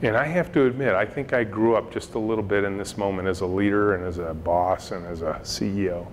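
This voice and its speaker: A man's voice: on the low side, brisk. A middle-aged man, a company CEO, giving a storytelling talk to students and acting out the voices in his anecdotes. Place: lecture hall with audience. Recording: long hall reverb, faint noise.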